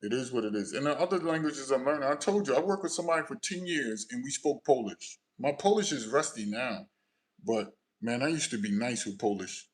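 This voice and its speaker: A man from the United States hosting a casual livestream, telling travel stories in a lively way that swings between quiet, low asides and loud bursts. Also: brisk, rough recording. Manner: animated storytelling, shifts often from low mumbles to loud bursts. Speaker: livestream host.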